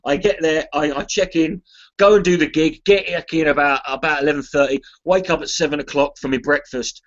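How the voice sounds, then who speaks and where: A man's voice: on the high side, fairly even intonation, brisk. An Englishman chatting casually to a live stream audience, rambling, restarting his sentences and swearing freely. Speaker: charity livestream contributor. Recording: slightly muffled lo-fi stream audio.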